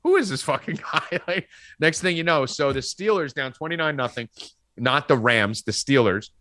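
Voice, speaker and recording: Male sports podcast host, animated and swearing, bright voice, dry close sound. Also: a little high, normal speed, no echo. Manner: profane, ranting, animated. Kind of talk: sports betting podcast chat.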